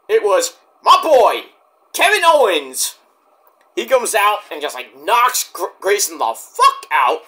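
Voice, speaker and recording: Animated high-voiced man rambling a wrestling recap. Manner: rambling, filler-heavy, acts out wrestlers in shouted quotes. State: tired, says he is dead tired. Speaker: wrestling review vlogger. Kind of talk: casual recap and review.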